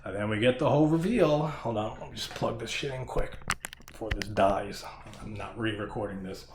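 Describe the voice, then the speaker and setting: A man's voice: on the low side, normal speed, a little mellow, roomy sound, a little hiss or hum. A man giving a casual horror movie review who laughs often, swears casually and rambles.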